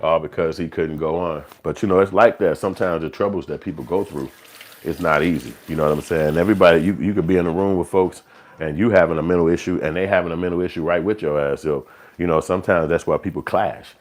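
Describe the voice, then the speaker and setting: A man's voice: deep voice, fairly even intonation, quick pace. A man hosting a live stream, talking in a loose, profane, streetwise monologue. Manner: profane, streetwise, slips into acted quotes. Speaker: livestream show host. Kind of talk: casual rambling monologue.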